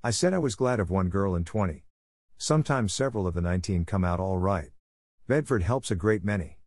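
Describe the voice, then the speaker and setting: A man reading the part of a calm, hopeful woman probation officer, speaking steadily and reasonably. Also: low-pitched, brisk, dry recording, clean studio sound. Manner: steady, reasonable, quietly firm. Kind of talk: audiobook character reading.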